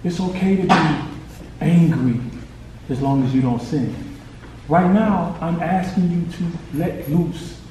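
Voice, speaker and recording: A man's voice: a little high, takes it slowly, warm tone. Echoey, distant man urging a boy on. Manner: urgent, pushing, encouraging commands. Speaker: mentor coaching a boy. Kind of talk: hands-on faith coaching session. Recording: echoey room, distant mic, noisy.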